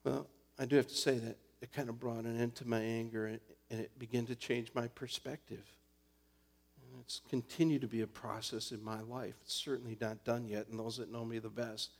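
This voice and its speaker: A man's voice: medium pitch, gravelly. A man preaching a sermon as a pastor, telling a personal story earnestly and building to emphatic points.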